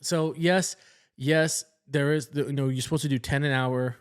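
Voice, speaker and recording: Guy nurse chatting on a podcast, lively, tells stories and does the voices of who he quotes. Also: mid-range voice, normal speed, clean tone. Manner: animated, acts out quoted people. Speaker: podcast co-host, ICU nurse. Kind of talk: casual storytelling.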